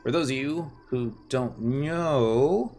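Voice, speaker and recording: A man voicing a bossy boy who leads a children's gang in a game, with a loud, proclaiming, sing-song delivery. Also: medium pitch, takes it slowly, soft background music, pitched above the performer's own voice.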